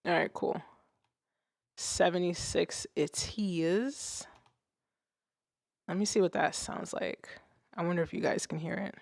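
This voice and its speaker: A young woman chats through a music livestream in a relaxed, unhurried way, her voice carrying a noticeable gravelly fry. She talks loosely, laughs often and swears casually, and the close mic keeps the sound dry and near. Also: on the low side, dry recording. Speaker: music streamer.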